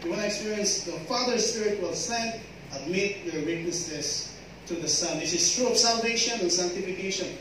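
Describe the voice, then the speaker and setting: A man's voice: high-pitched, moderate pace, a bit bright. A man preaching a sermon in an emphatic way, acting out quoted pleas. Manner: emphatic, acts out quoted pleas, mixes in Filipino words. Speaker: pastor. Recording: echoey hall from far off, faint noise.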